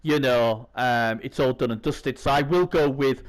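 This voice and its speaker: A man's voice: medium pitch, measured pace. A man hosting a casual gaming preview chat, his voice strained by a sore throat, rambling with lots of fillers. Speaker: host.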